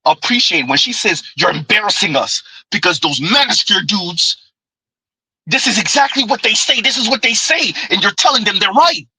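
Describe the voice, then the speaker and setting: Male reaction host, emphatic and repetitive, bright forceful tone with a husky edge. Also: high-pitched, animated, moderate pace, low-quality recording. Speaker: commentary channel host. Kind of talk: reaction commentary on clips.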